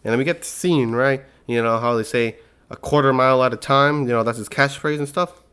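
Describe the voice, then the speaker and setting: A young man talks through a film's plot in loose, slangy speech. He keeps an animated storyteller's energy and jumps into quick impressions of the characters. His voice sits at an ordinary middle pitch. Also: clear, resonant tone. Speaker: movie recap host. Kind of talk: casual movie recap.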